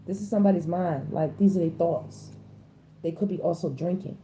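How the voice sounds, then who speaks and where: A woman, doing a casual tarot reading in a blunt, slangy and animated way. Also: normal speed, slight background noise. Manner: animated, slangy, blunt, with sudden high-pitched exclamations. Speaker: tarot reader.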